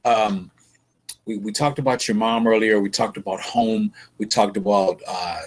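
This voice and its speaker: A man's voice: on the low side, fairly even intonation, moderate pace. A man hosting a casual livestream interview, folksy and full of sayings, often repeating his words as he talks. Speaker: livestream host.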